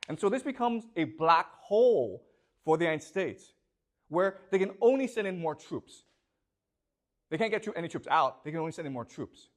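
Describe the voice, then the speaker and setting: A male professor gives a classroom lecture in a voice that sits a bit high. His pitch moves a great deal as he fires questions at the class. He keeps stopping to check that the students follow him, and he repeats himself as he drives each point home. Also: sing-song, normal speed. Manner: emphatic, questioning.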